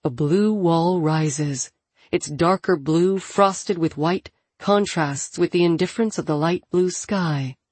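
Reading an audiobook, a woman with a husky, low voice keeps a steady, measured pace. The recording is close and dry, without any room sound.

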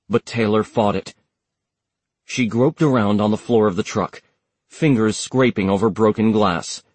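Male audiobook narrator, husky and dry, steady measured read. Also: fairly low pitch, dry recording. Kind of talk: scripted narration.

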